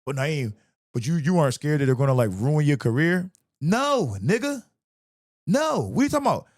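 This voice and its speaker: A man, a comedian hosting a podcast, in a profane, animated comedic rant, laughing often. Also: fairly high pitch, normal speed.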